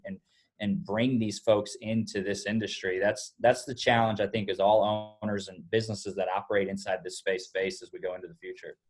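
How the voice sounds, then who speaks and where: A middle-aged man, a roofing business owner, telling a long story in a casual, animated way with many restarts. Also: lowish voice. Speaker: podcast guest, roofing company owner.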